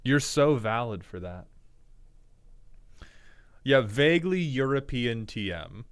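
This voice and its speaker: Male streamer, smooth clear voice, loose joking chat with viewers, keeps restarting his sentences. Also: mid-range voice, expressive, slow pace. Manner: rambling, jokey, self-interrupting.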